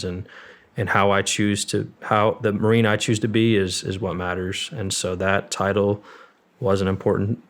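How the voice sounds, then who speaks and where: A young man with a somewhat low voice, talking as a guest on a long-form interview show. He tells his story candidly and loosely, full of "like" and "um," with casual swearing. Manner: rambling and candid, with fillers and swearing. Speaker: guest, former Marine.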